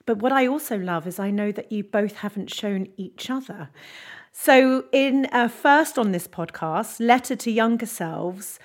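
A woman's voice: fairly high pitch, a little slow. A woman hosting a podcast, wrapping up an interview in an enthusiastic, appreciative way. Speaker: podcast host.

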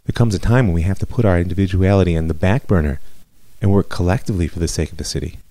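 A man teaching Jewish history as a rabbi, telling it in a measured, reflective way. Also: low voice, warm tone, no echo. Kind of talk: lecture storytelling.

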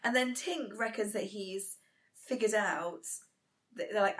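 A woman's voice: mid-range voice, a little slow, fairly bright tone. A woman co-hosting a casual chat, recapping an episode in a hesitant, laughing way. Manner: chatty and hesitant, laughs often. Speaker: podcast co-host.

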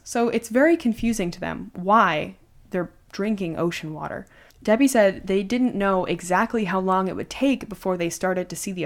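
A woman hosting a podcast, casually retelling a true story with lots of conversational fillers. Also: medium pitch. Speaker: podcast host.

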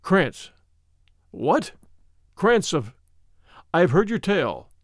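A man's voice: sits high, very animated, slow pace, no echo, studio quality, heavily acted. A man voicing a secretive male hunter who fled his lord, speaking in a terse, commanding way in a story reading.

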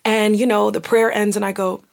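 A woman's voice: mid-range voice, normal speed, vocal fry. A young woman hosting a casual talk show, telling a personal story candidly and acting out the voices of people in it. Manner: candid, animated, acts out quoted voices.

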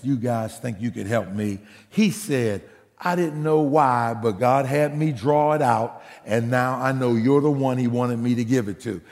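A man preaching a sermon, telling a story with acted-out quotes and shouted punchlines. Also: mid-range voice, gravelly, big-room sound. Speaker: pastor.

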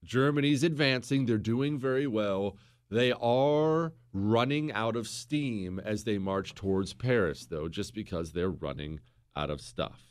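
A man's voice: fairly low pitch, unhurried. A middle-aged man hosting a history podcast, telling the story casually and acting out quoted exchanges.

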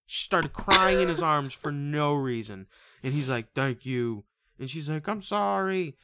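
A man chats casually on a podcast, retelling a film's plot in a rambling, animated way and swearing freely. His voice is smooth and clear. The sound is dry and close, with no room around it. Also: fairly high pitch, measured pace, dry recording. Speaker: podcast co-host. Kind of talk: casual movie review chat.

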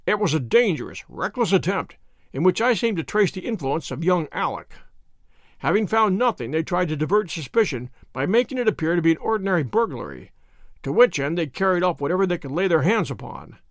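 A man reading aloud, voicing a confident, sharp detective who explains in a measured way. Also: high-pitched, very animated, dry recording, clean studio sound. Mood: explaining.

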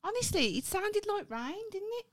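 A woman's voice: very high voice, sing-song, normal speed. A woman with a Birmingham accent, co-hosting a casual comedy podcast, sweary and laughing a lot. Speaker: podcast co-host.

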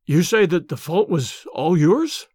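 A man's voice: sits high, sing-song, a little fast, no echo, clean studio sound. A man reading an audiobook, voicing an impulsive French nobleman who speaks in a raised, emphatic way. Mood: relieved. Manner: emphatic and agitated. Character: impulsive French nobleman, adult male, overwrought.

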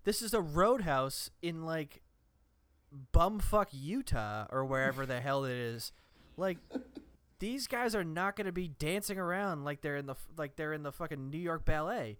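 A man's voice: on the high side, animated, moderate pace, fairly bright tone, clear, resonant tone. A man giving blunt, profane opinions in a casual movie podcast chat. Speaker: podcast co-host.

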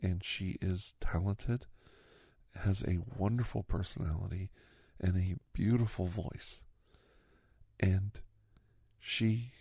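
A man in a whispered role-play, rambling in an earnest, sentimental way with soft whispered asides, close to the microphone. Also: fairly low pitch, gravelly, breathy edge, no echo. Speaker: host playing a doctor character.

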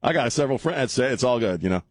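A man's voice: medium pitch, expressive, fast talker, dry recording. A man hosting a radio talk show, joking, rambling and laughing as he chats in a studio. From South Texas. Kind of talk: casual radio banter. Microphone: studio microphone.

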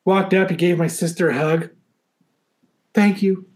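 A married man casually telling a story on a podcast, animated, swearing freely and laughing often. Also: high-pitched, measured pace. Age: adult, married.

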